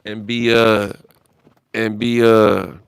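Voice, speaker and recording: A man's voice: fairly low pitch, flat delivery, slow pace, creaky, clear, resonant tone, no room sound. A man on a phone livestream, talking in a rambling, profane way with lots of restarts.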